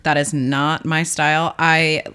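A young adult co-hosting a casual podcast, chatting in a wry, self-deprecating way with quick short reactions. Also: mid-range voice, flat delivery, bright, forceful tone, clean tone.

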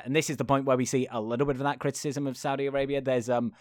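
A man's voice: mid-range voice, level tone, rapid-fire, a little mellow, dry recording, studio quality. A man co-hosting a podcast, recapping a film in a rambling, casual way full of fillers. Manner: rambling, filler-heavy storytelling with laughs. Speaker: podcast co-host.

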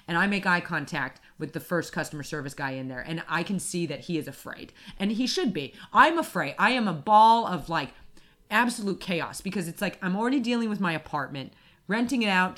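A woman co-hosting a casual podcast, telling a story in an animated ranting way and acting out her own shouting. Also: mid-range voice. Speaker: podcast co-host. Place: apartment in Wimbledon.

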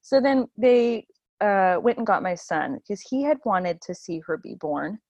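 A woman's voice: a little slow, no room sound, lo-fi sound. Emotional woman telling her birth story. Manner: animated, laughs often, acts out quotes in a high voice. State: emotional, near tears. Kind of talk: emotional storytelling in casual chat.

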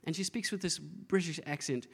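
A male pastor delivers a sermon in a fairly high voice. He tells stories with playful, acted-out asides. His voice rings with the long reverb of a large hall. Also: steady tone, moderate pace, creaky, slightly rough.

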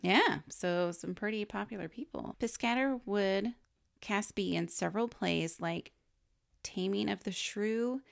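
A woman's voice: mid-range voice, a little slow, vocal fry. A woman co-hosting a casual podcast, reading from her research notes in a chatty way, explaining as she goes and laughing often. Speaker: podcast co-host.

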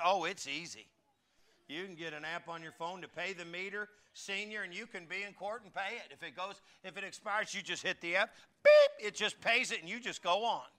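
Animated, bright-voiced preaching man. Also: high-pitched. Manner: animated, jokey, swings between shouting and muttering asides. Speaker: pastor. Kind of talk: storytelling sermon.

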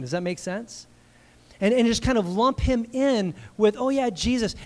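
High-pitched guy preaching a sermon, emphatic, keeps asking the room amen?. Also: darkish tone. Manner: emphatic, calls out "Amen?" to the congregation; conversational preaching with restarts and rhetorical questions. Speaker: pastor.

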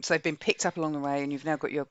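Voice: medium pitch, fairly even intonation, very fast, smooth, no room sound. A podcast co-host recapping a book's plot in a casual, rambling way, with many restarts.

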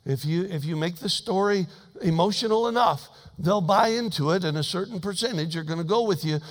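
A man preaching a sermon as pastor, folksy and humorous, swinging between emphatic loud passages and hushed asides. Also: high-pitched, brisk, long reverb tail.

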